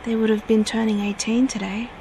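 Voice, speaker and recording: A woman's voice: on the high side, little pitch movement, brisk, mellow, a little hiss or hum, natural voice. Woman voicing a grieving young man.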